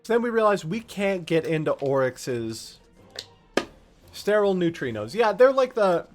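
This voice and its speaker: A male streamer recaps a video game's whole story as a running joke, swearing freely. His voice sits a little high and swings up and down a lot. Faint music plays under him. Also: measured pace. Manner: animated, profane, joking. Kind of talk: comedic game-lore recap.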